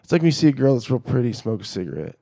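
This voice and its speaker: A middle-aged man in a casual podcast chat, telling animated stories and acting out what people said. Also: mid-range voice, rapid-fire. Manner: animated storyteller acting out quoted dialogue.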